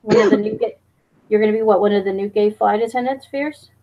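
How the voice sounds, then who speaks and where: A woman's voice: medium pitch, fairly even intonation, quick pace, phone-quality sound. A woman live streamer chatting casually, teasing and reading her chat aloud, with plenty of ums and restarts. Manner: fillers and restarts.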